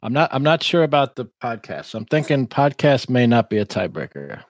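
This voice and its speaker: A man with a lively, bouncing voice co-hosting a relaxed podcast. He is playful and chimes in often, recorded dry and close. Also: medium pitch, a little fast, dry recording. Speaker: podcast co-host. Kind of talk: casual podcast chat.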